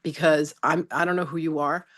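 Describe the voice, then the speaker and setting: A middle-aged woman teaching a live spiritual masterclass, telling a personal story in a chatty, animated way and calling on students by name. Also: low voice, moderate pace.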